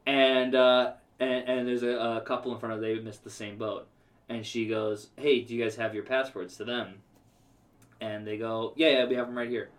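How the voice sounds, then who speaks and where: A man from New York telling a long, animated story in casual chat, acting out the voices of the people in it. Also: mid-range voice, normal speed. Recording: distant from the mic.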